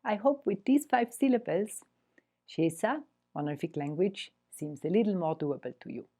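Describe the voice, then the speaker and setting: A woman teaching a language lesson in a gentle, patient, encouraging way. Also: fairly low pitch, animated, moderate pace.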